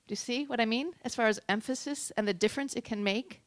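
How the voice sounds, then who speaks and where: A woman giving a talk on public speaking at a tech meetup, lively and shifting between loud and soft for emphasis. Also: on the high side, fast talker, dry recording. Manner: lively, varies loudness and pace for emphasis.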